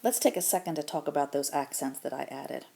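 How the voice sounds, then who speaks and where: A woman teaching a grammar lesson, explaining patiently step by step and modeling example phrases slowly. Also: deep voice, expressive, creaky, warm tone. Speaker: Spanish teacher.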